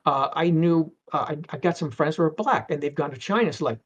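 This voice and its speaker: A man's voice: a little high, brisk, slightly rough, muffled recording. A middle-aged man talking casually as an interview guest, rambling through anecdotes with stammers and acted-out quotes.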